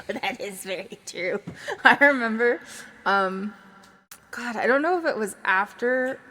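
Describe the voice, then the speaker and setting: Between songs, a young woman streamer chats casually and rambles, joking at her own expense and laughing often. Her medium-pitched voice is a bit bright and carries reverb.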